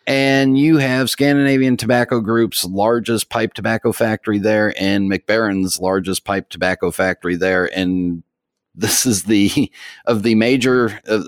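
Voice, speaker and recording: Middle-aged male podcast co-host, low voice, dry studio sound, rambling and self-deprecating. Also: normal speed, no echo. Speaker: podcast co-host, pipe tobacco expert. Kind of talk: casual podcast chat.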